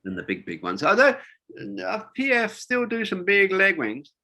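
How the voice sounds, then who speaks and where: A man's voice: sits high, huge pitch swings, moderate pace, pushed and bright. An older man, a wingsuit designer, telling rambling stories in a casual interview, with lots of fillers and restarts.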